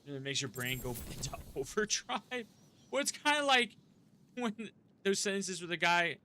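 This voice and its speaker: A man's voice: high-pitched, very animated, normal speed, pushed and bright, a little hiss or hum. A man live-streaming a game, chatting casually with his viewers, rambling and swearing freely.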